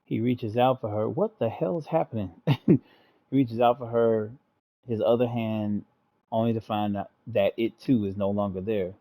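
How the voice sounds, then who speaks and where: A man's voice: on the low side, flat delivery, unhurried, dark tone. A man hosting a gaming channel, reading the story text aloud and breaking in with casual jokes. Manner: reads aloud, breaks off to joke and laugh.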